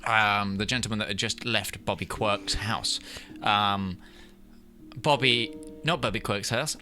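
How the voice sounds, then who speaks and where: A man's voice: on the low side, a little slow, bright, forceful tone, faint music behind. A British man running a tabletop game as game master over voice chat, rambling with many fillers and restarts.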